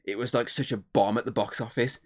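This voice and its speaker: A man's voice: mid-range voice, steady tone, a little fast. Rambling casual man, heavy fillers. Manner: rambling, lots of "like" fillers, swears freely. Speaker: podcast co-host. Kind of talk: casual chat.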